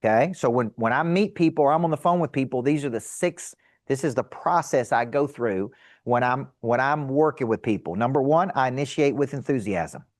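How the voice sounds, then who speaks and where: A middle-aged man teaching a seminar to a live audience as a sales coach, energetic and emphatic, asking rhetorical questions. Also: mid-range voice, a little fast, no room sound, studio quality.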